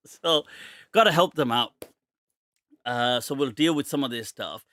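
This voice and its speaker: A man's voice: medium pitch, moderate pace, fairly bright tone, no echo, studio quality. A man hosting a live-stream question-and-answer show, joking and laughing often and slipping in Urdu phrases. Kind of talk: casual live-stream chat.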